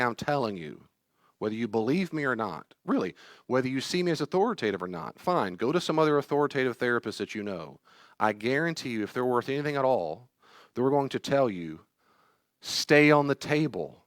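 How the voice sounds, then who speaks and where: A man's voice: mid-range voice, dry recording, studio quality. A middle-aged man, a therapist teaching a class, telling personal stories in an earnest, pleading way. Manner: earnest, pleading, acts out quoted voices.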